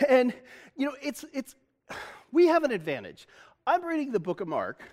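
A man's voice: extremely high pitch, huge pitch swings, normal speed, a little mellow. A man preaching a sermon as pastor, chatty and self-deprecating, laughing often and restarting his sentences.

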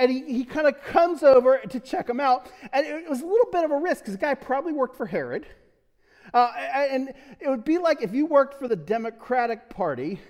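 A man's voice: high voice, darkish tone. A man preaching a casual conversational sermon as pastor, joking and chuckling as he goes. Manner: joking, chuckling often, restarts and fillers. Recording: long hall reverb.

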